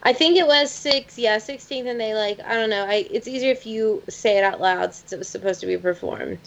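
A woman's voice: fairly high pitch, a little fast, gravelly, fairly bright tone. A woman in a casual podcast chat, blunt and swearing, with many fillers. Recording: dull lo-fi sound.

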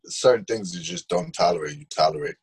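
A deep, husky-voiced man with a New York accent, talking casually on a podcast. He tells personal stories bluntly and swears freely, in a loose, conversational flow. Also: a little fast. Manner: blunt, profane storytelling. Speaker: podcast co-host. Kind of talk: casual chat.

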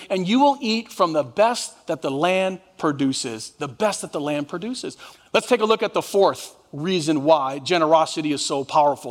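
A man pastor preaching a sermon, reading scripture dramatically and breaking into lively voiced asides. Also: sits high, in a large hall.

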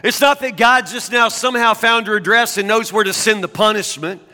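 A man's voice: high voice, brisk, bright, forceful tone, big-room sound. A man preaching a sermon as a pastor, talking conversationally and often stammering into restarts.

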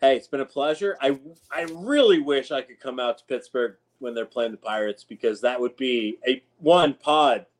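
A man's voice: medium pitch, moderate pace. A man co-hosting a sports podcast, chatting casually in an easygoing, wry way. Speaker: podcast co-host.

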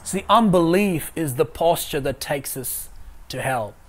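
A male pastor delivers an online sermon over a video call. His voice sits a little high for a man, and he leans into key lines, repeating them for emphasis. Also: lively intonation, unhurried, slight background noise.

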